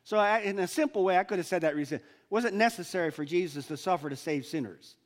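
A man with a notably high voice preaches a sermon in an earnest, searching way. He often stops and restarts his sentences as he works through a question before his congregation. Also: fast. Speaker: pastor.

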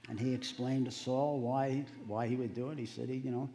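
A man preaches a sermon in a casual, storytelling way, his voice gravelly and mellow. The sound carries a long hall reverb. A faint noise hangs behind him. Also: mid-range voice, animated, brisk.

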